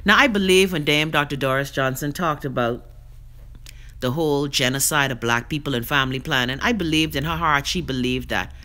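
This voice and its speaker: Low-pitched and sharp-toned, this Bahamian web show host talks briskly as she reads out comments from viewers during a livestream, ranting with blunt, profane language.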